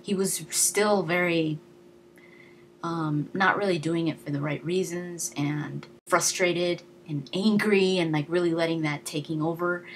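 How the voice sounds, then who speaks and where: A woman's voice: on the low side, steady tone, unhurried, a little hiss or hum. A young woman giving a casual, chatty movie review, enthusiastic and full of fillers and restarts. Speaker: video blogger.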